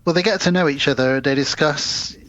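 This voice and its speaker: A man co-hosting a podcast, calmly recapping a film in casual chat. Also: on the high side, brisk, dry recording, lo-fi sound. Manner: relaxed plot recap. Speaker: podcast co-host.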